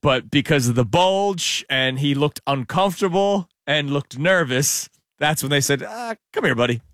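A man hosting a casual sports talk show, chatty and quick to laugh. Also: fairly high pitch, fairly bright tone, no echo, clean studio sound. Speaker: sports radio host.

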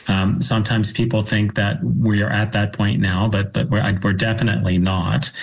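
A man's voice: fairly low pitch, poor audio. A man answering a question as a panel guest, thoughtful with some restarts.

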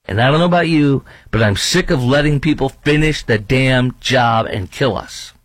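A man's voice: mid-range voice, moderate pace, no room sound, low-quality recording. A man hosting talk radio, delivering an indignant, ranting monologue with lots of repetition and fillers.

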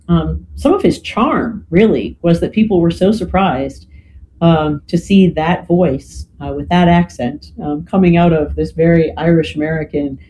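A guest explains history in a lecturing yet conversational way, often checking in with "right?" and filling pauses with "you know." His medium-pitched voice has a dark tone, and the audio is poor with slight background noise.

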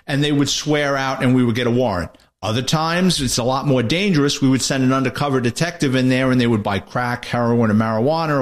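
An older man, a retired detective telling a police story on a radio show in a lively storytelling manner. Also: mid-range voice. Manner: lively storyteller, acts out voices in quotes. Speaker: retired detective turned author, radio guest.

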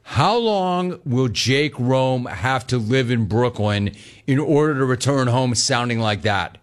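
Brash middle-aged sports radio host, quick joking banter, male, mid-low voice. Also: animated. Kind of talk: call-in sports talk.

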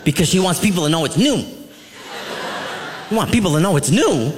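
Animated stand-up comic man, lively crowd. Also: high-pitched, fairly quick. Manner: animated, laughing, acts out family members. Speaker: stand-up comedian. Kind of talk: stand-up comedy routine. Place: comedy club stage. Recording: live club with audience laughter and crowd noise.

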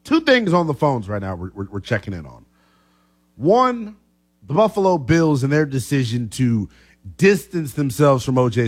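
A man hosting a sports talk radio show, talking with animated energy. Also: a little high. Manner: lively, animated, coughing fits.

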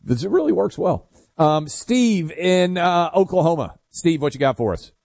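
A man's voice: a little high, animated, gravelly, a little mellow, no echo, clean studio sound. Brash male talk radio host. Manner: brash, quick, joking. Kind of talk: casual talk radio banter. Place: radio studio.

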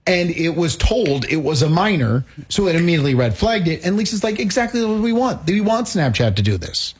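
A man co-hosting a talk show, telling a story in a chatty, casual way with quick asides. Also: on the high side, very animated, slight background noise. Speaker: co-host. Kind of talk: casual chat.

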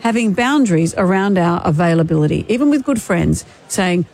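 A woman's voice: on the low side, lively intonation, brisk, hardly any pauses, a little mellow. A woman co-hosting a radio show, chatting casually and arguing her point with stammered restarts. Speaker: radio co-host. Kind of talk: casual on-air banter.

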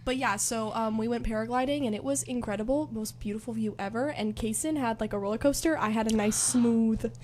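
High-voiced young woman, excited chatter. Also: brisk, few pauses. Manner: excited, chatty, addresses viewers as guys. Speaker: travel vlogger. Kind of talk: casual chat.

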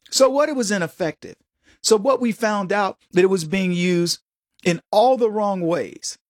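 A man's voice: high-pitched, darkish tone, no room sound, studio quality. A middle-aged man hosting a political commentary monologue, emphatic and digressive with sarcastic asides. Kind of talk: opinionated monologue with anecdotes.

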